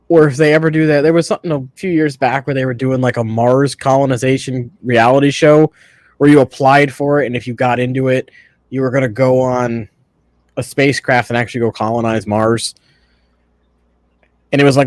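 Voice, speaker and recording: A man's voice: medium pitch, no room sound. A man with a Connecticut accent, chatting casually as a guest and chuckling through his stories. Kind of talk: casual chat.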